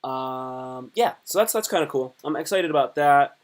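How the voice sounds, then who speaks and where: Guy live streaming, kinda high voice, rambly and jokey, keeps interrupting himself. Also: expressive, normal speed. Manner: rambling, self-interrupting, playful joking.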